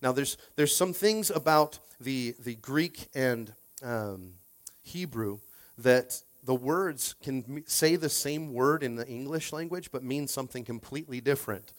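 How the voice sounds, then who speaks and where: A man pastor preaching a casual, conversational sermon, repeating his words and coaxing the congregation to respond. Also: unhurried. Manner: acts out quoted voices with shifts in pitch and loudness.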